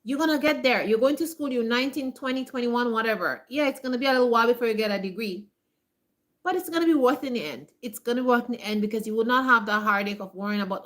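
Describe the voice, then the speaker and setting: Emphatic woman with a bright voice. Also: on the high side. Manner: emphatic, repeats herself, many fillers like "like"; acts out other people's voices in quick asides. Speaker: homesteading vlogger. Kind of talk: casual motivational talk to viewers.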